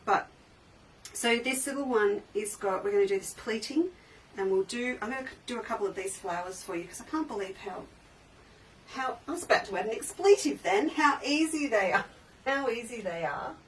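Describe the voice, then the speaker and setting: A woman's voice: medium pitch, a little fast. A woman hosting a casual live sale from her sewing shop, chatty and enthusiastic, often trailing off and restarting sentences. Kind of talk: casual live-stream sales chat. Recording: slightly distant mic with faint background noise.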